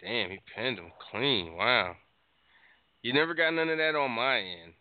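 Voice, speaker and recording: Animated, swearing man on a tinny line. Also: medium pitch, unhurried, dry recording. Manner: animated, profane ranting with frequent laughs. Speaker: podcast co-host. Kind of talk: casual call-in show chat.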